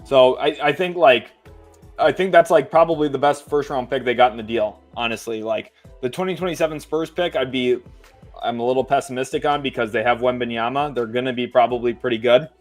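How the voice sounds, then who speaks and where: Male sports streamer, average pitch, casual rambling delivery, light background music. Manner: conversational, reads lists aloud slowly, frequent fillers. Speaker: sports commentator. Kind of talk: casual livestream commentary.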